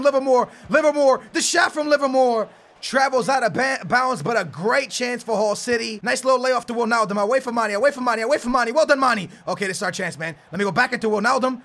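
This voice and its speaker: High bright young man shouting gameplay commentary. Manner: swings from flat muttering to shouting outbursts. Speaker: gaming YouTuber.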